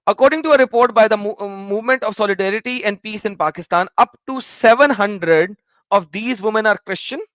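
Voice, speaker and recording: A man's voice: high voice, a little fast, a bit bright, dry recording. Indignant man on a dull lo-fi recording. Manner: emphatic, repetitive, indignant. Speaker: vlogger. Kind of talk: commentary while reading search results.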